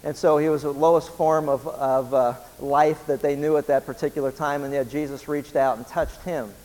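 A man preaching a sermon as pastor, a folksy storyteller who pauses often with "uh". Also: medium pitch, a little mellow, big-room sound, poor audio. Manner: folksy storyteller, frequent filler "uh".

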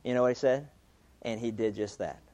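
A man's voice: mid-range voice, steady tone, brisk, warm tone. A male preacher telling a story in a sermon, talking conversationally and reading quotes aloud. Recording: dull lo-fi recording.

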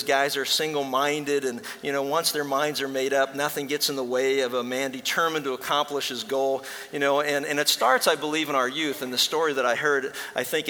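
A man preaching a sermon, telling humorous stories with loud acted voices before turning to his teaching. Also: mid-range voice. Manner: jokey storytelling, loud acted voices for characters. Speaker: pastor. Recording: long hall reverb.

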